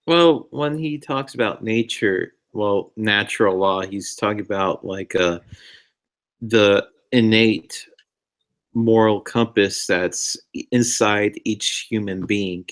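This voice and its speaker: A man's voice: on the low side, takes it slowly, a bit bright. A man taking part in a casual group podcast chat, speaking in a drawling, hesitant way with filler words.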